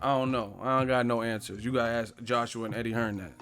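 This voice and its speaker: A man's voice: mid-range voice, steady tone, fast talker, a bit bright, soft background music. Profane joking man on a live stream. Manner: profane, joking, mocks stiff interviewers in put-on voices. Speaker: boxing channel host. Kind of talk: casual live-stream rant.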